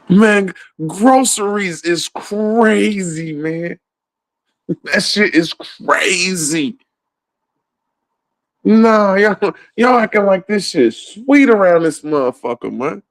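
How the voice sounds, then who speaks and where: A man's voice: sits high, expressive, extremely slow, pauses often, no echo. A man in a casual comedic rant, swearing freely and laughing often in the middle of his sentences. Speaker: comedic ranter.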